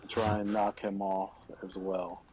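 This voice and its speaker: A man describing his turn in a tabletop game. He speaks low and plainly, a bit away from the mic. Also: level tone, measured pace, a little mellow, low-quality recording. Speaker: player. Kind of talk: casual chat.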